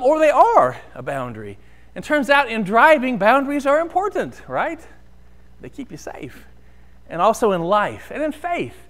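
A man preaching a sermon in a church sanctuary, telling a personal story in an animated, conversational way. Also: high-pitched. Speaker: pastor.

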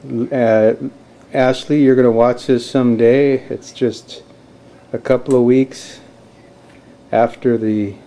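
Camcorder in hand, a father shoots home footage indoors, speaking earnestly and calling to his little one in a gentle, coaxing sing-song. His voice is medium in pitch and dark in tone.

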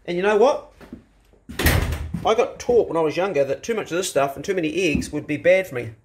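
A blunt, emphatic man talks straight to camera in a casual vlog. His voice sits a little higher than most men's, and he punches his points with the odd swear word. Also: lively intonation, fairly quick, a little hiss or hum. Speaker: vlogger. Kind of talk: casual opinionated talk to camera. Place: outdoors in a garden, then indoors.

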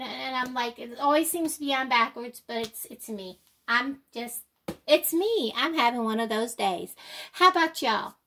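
A woman's voice: high voice, bright, forceful tone. An older woman vlogging, out of breath, with slightly off speech, rambling and apologetic with many ums. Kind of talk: casual chat to camera.

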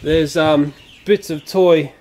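High-voiced man chatting through a toy review. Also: steady tone, takes it slowly, darkish tone, a little hiss or hum. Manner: chatty, exclaims often with oh dear and oh no. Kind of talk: casual toy review commentary.

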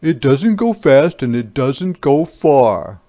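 A man's voice: mid-range voice, big pitch swings, takes it slowly, warm tone. A man reading a picture book aloud, voicing a worried dad who frets and then gives in. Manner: fretful, then giving in. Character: worried but willing dad.

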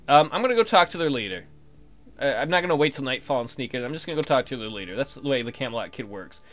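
A man's voice: medium pitch, animated, quick pace, fairly bright tone. A man casually commenting on his gameplay, swearing, thinking aloud, and reading the game text. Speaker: let's play gamer.

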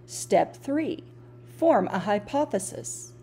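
A woman reading a storybook aloud to elementary pupils in a clear, teacherly, explanatory way. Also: medium pitch, sing-song, slow, warm tone, slight background noise.

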